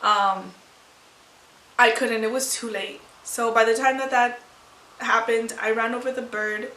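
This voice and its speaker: A woman's voice: a little high, steady tone, measured pace, pushed and bright, a little hiss or hum. A young woman vlogger telling a personal story to camera in a rambling, emotional way with many restarts. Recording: echoey room, far from mic.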